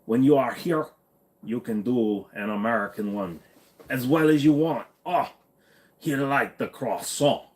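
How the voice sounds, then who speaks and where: A man's voice: mid-range voice, unhurried, a little mellow, close to an everyday voice. A man putting on a hammy mock-French accent. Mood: teasing.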